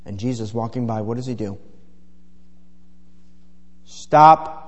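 Middle-aged preacher in an echoey hall. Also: male voice, lowish voice, fairly even intonation, fast, dark tone. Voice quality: folksy, filler-heavy storytelling. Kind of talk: sermon. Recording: echoey hall with long reverb.

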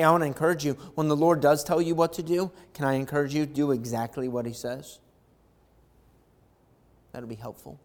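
Male pastor, sermon, quiet then loud impassioned preaching, mid-pitched voice, long hall reverb.

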